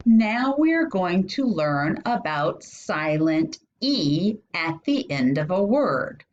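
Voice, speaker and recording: Slow, patient woman teaching phonics. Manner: stretches out and sounds out each vowel, asks questions with rising pitch. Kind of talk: slow instructional phonics lesson. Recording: dull lo-fi sound.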